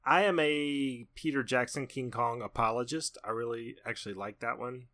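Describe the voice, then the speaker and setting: A man's voice: mid-range voice, fairly even intonation, moderate pace, bright, forceful tone. A man hosting a podcast, chatting upbeat and laughing easily. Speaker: podcast host. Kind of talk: casual chat.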